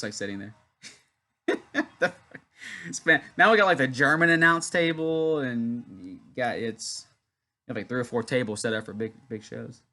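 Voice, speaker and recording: Bright and forceful, the mid-range voice belongs to a young YouTube wrestling host from Louisiana. He keeps things casual during a watch-along, chatting and telling a rambling story between match commentary.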